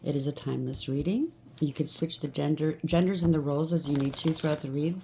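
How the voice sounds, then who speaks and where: A woman's voice: sits low, quick pace, gravelly, dark tone, a little hiss or hum. A woman at home doing a collective tarot reading, reassuring her viewers with frequent fillers and a repeated "okay?". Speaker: tarot reader. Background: washing machine running.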